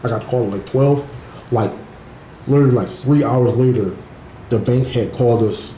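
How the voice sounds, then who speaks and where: A man's voice: mid-range voice, moderate pace, dark tone, echoey room, a little hiss or hum, rough recording. A man telling a business story in a casual podcast chat, swearing freely and often saying "mind you.". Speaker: guest entrepreneur.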